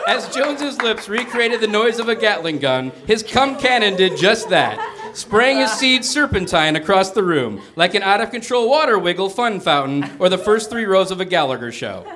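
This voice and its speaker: Animated man reading a comic story live. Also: high voice, moderate pace, crowd noise. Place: small theater with a live audience. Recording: noisy live stage recording.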